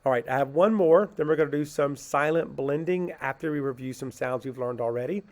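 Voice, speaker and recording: Patient man teaching phonics, gravelly voice. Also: medium pitch, a little mellow. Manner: slow, patient, asks questions and answers them himself; sounds words out syllable by syllable. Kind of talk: phonics lesson for children.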